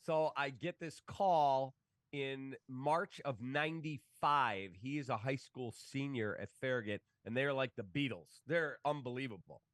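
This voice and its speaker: A man's voice: medium pitch, unhurried, no echo. A man, a sports broadcaster telling stories in casual talk and acting out the voices of the people in them. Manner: animated, acts out quoted voices. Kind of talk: casual storytelling.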